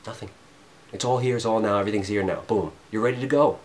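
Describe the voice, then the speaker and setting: A man going off in an unscripted spiritual rant, rambling and cursing, swinging between loud emphasis and low mutters. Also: fast. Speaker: vlogger.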